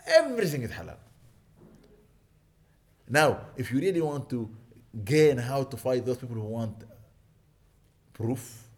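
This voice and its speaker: A man with a mid-range voice preaches as a sheikh and teacher at an Islamic school, speaking at a measured pace with big pitch swings and long pauses. In this religious lecture he recites lines in Arabic, explains them in English, and drives his points home with a repeated "okay?".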